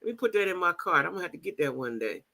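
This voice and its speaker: A woman's voice: lowish voice, big pitch swings, very fast, creaky, sharp tone. A woman hosting a casual livestream, chatting with her audience and reading their comments aloud. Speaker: livestream host.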